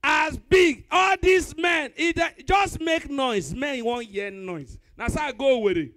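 A young man with a Nigerian Pidgin accent doing live stand-up comedy, animated and bursting into shouts. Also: extremely high pitch, slow pace, no echo, clean studio sound.

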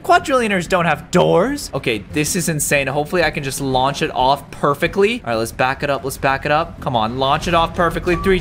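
Hyper gaming YouTuber, lively and high. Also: male voice, a little hiss or hum. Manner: hyper, jumpy, shouts and yelps in surprise. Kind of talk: excited gameplay commentary.

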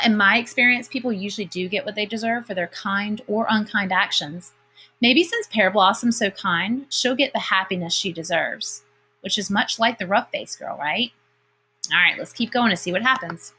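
Woman, teacher, storybook read-aloud, expressive, bright tone. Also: medium pitch, breathy edge. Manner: expressive storybook reading with lively character voices. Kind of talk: reading a picture book aloud with commentary.

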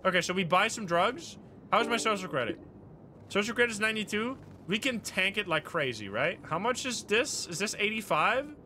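A man streaming a video game live, commenting casually, swearing and getting excited, with game music playing behind. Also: fairly quick, slight background noise. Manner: excitable, swears, jumps high when excited.

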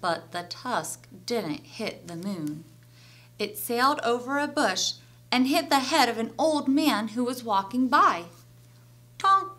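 A woman teacher reading a children's story aloud with an expressive storyteller voice. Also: a little high, measured pace.

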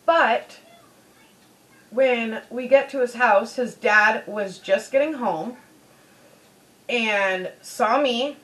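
A woman's voice: fairly high pitch, very slow, long pauses, a bit bright, low-quality recording. A woman beauty vlogger telling a personal story in a chatty way, full of "you know"s. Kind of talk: casual storytelling.

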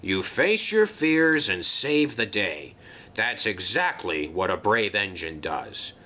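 An old, wise storybook engine who talks slowly and gently reassures the young ones, with a bright, lively voice, as a man plays him. A patient mentor in a toy-railway tale. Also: fairly low pitch, exaggerated voice. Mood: proud. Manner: slow, reassuring.

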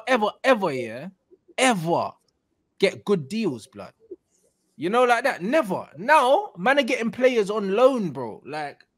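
A young man talking football in slangy, laughing banter. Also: high voice. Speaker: football fan co-host.

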